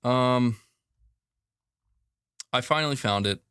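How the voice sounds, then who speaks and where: A man's voice: medium pitch, takes it slowly, fairly bright tone, clear, resonant tone, dry recording, studio quality. A man hosting a gaming news show in casual chat, rambling, exasperated and jokey.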